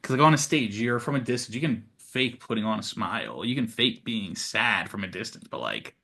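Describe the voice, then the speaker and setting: A man guesting on a podcast, an actor telling animated, profane backstage anecdotes in casual conversation. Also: fairly low pitch, a little fast, vocal fry, husky. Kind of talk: casual storytelling.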